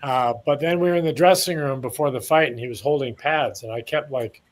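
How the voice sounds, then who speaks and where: A man's voice: mid-range voice, fairly quick, a little hiss or hum. A man in his sixties from Canada, a former boxer telling long rambling stories in a casual interview. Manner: rambling anecdotes, acts out quoted lines.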